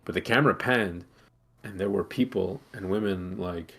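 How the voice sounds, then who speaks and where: Low-voiced rambling Canadian man. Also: normal speed, gravelly, fairly bright tone. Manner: rambling, full of fillers. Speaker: co-host. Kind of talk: casual chat.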